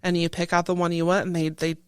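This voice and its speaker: A lively woman guest tells service stories in a casual interview, her voice smooth and clean. She throws herself into quoting other people and lets her voice jump around. The sound is close and dry, with no room in it. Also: on the low side, quick pace, no echo. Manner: lively, animated storyteller who acts out quoted voices. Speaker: guest, retired Coast Guard chief petty officer.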